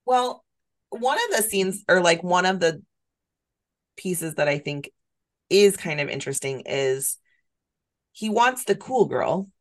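A woman's voice: lowish voice, expressive, slow, long pauses. A woman in her thirties co-hosting a podcast, chatting casually with wry, dry remarks. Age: 30s. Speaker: podcast co-host. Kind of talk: casual chat.

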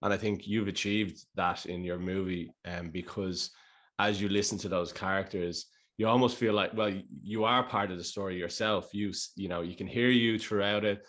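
A man's voice: sits low, steady tone, normal speed, a bit bright. A man hosting an interview, asking probing questions with frequent restarts and hesitations. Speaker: interview host. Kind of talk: interview conversation.

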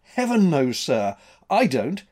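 A man's voice: a little high, wildly swooping pitch, slow, a little mellow, heavily acted. A man voicing a frightened, insistent male ship's mate in a spoken story, sounding agitated and pleading. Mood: alarmed, pleading.

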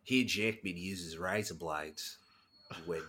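Un hombre que copresenta un pódcast en una charla informal, bromeando y saltando a imitaciones. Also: male voice, sits low, breathy edge. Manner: animated, jokey, quick to slip into bits. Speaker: podcast co-host. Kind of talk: casual chat.

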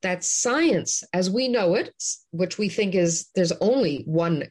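A woman's voice: on the low side, animated, unhurried, darkish tone. A woman from Canada, a guest on an interview show, talking in a passionate, ranting way with many restarts. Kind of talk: animated interview talk.

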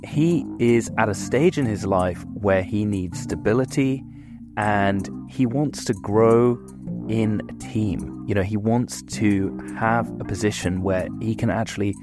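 Low-voiced guy hosting a podcast, laid back and joking at himself, music going behind. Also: a little slow. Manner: relaxed, chatty, self-deprecating. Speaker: podcast host. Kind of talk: casual podcast chat and outro.

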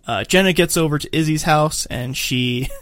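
A man co-hosting a casual film-discussion podcast, recapping scenes in an animated way. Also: on the high side, normal speed, dry recording, studio quality. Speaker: podcast co-host.

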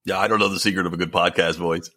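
A man's voice: low-pitched, fairly even intonation, rapid-fire, bright, forceful tone, husky. A man co-hosting a casual podcast, joking and making sarcastic asides. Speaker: podcast co-host.

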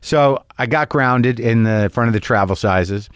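A man's voice: on the low side, moderate pace, fairly bright tone, clean tone, no echo, clean studio sound. A middle-aged man telling a stand-up story, rambling and self-mocking, swearing freely and acting out his own asides. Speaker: comedian.

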